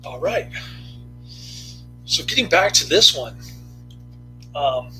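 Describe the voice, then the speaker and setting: A man with a strikingly bright, edged voice chats loosely as a movie reviewer. He wanders between thoughts, pausing on fillers and restarting his sentences. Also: a little high, expressive, faint music behind, poor audio. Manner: halting, many fillers and restarts. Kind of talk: casual rambling chat.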